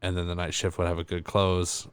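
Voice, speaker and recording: A man's voice: low-pitched, completely flat delivery, brisk, clean tone. A man hosting a casual podcast, talking in a rambling, hesitant way full of fillers. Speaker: podcast host. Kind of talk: casual chat.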